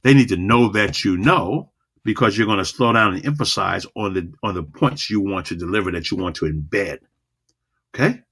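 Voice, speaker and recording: A man coaching public speaking in an online video lesson, energetic and repetitive, talking straight to the viewer. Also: on the low side, moderate pace, breathy edge. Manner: energetic, repetitive, demonstrates vocal dynamics.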